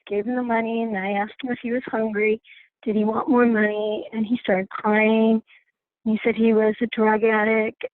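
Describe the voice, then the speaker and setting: A woman on a phone call in a class, earnestly telling a personal story with halting restarts. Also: fairly high pitch, no room sound. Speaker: class participant sharing a story. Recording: tinny phone line, dry.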